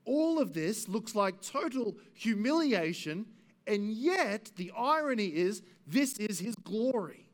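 A man preaching an expository sermon as pastor, earnest, rising for emphasis and dropping to hushed passages. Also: big pitch swings, takes it slowly. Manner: earnest, swings between raised emphasis and hushed low passages.

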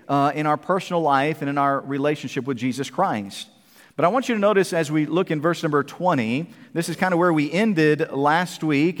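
High-voiced preacher in a reverberant church. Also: male voice. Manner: emphatic preaching, asks the congregation questions. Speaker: pastor. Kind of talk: sermon. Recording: long hall reverb.

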